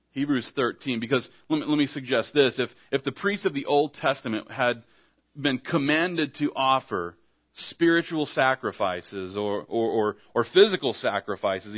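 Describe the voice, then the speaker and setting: A man's voice: mid-range voice, muffled recording. A man preaching an evening sermon, speaking conversationally and acting out little back-and-forth dialogues to make his points. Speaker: pastor.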